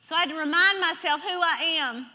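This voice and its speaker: A woman's voice: very high voice, fairly quick, sharp tone. A woman preaching a sermon in a church, emphatic, leading the congregation in repeating scripture aloud. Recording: long hall reverb.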